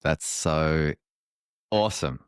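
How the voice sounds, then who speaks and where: A man hosting a podcast, chatting with guests in an enthusiastic, animated way. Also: rumbling low, slow, smooth, no echo, clean studio sound. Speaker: podcast host. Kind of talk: casual interview chat.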